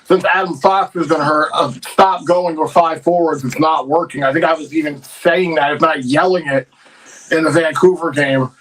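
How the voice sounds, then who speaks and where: A man co-hosting a sports livestream rants in a casual, opinionated way. His voice sits fairly high for a man and is picked up from a little way off the mic. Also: fairly even intonation, moderate pace, fairly bright tone, recorded from a distance, rough recording. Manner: opinionated, frustrated rants about the team. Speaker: livestream co-host. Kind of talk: casual hockey chat.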